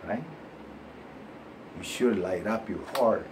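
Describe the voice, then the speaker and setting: Over background noise, a show host with a lowish voice and a bilingual Spanish-English accent takes things slowly. His motivational talk is animated and preachy, punctuated by laughs and the recurring question "right?"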